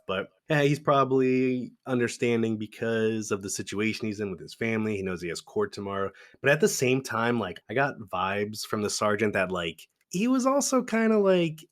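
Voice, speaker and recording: A man co-hosting a movie-review podcast in relaxed, casual chat. He laughs often and peppers his talk with "dude" and "like." His voice sits on the low side. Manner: laid-back, laughs often, says "dude" and "like" a lot. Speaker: podcast co-host.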